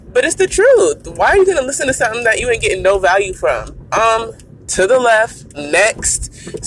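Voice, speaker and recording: A woman hosting her own podcast in a casual, chatty way, talking straight to listeners as y'all, her voice raspy from early morning, recorded while she drives her car. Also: medium pitch, low-quality recording. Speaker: podcast host. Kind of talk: casual solo podcast talk. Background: faint road and blinker noise.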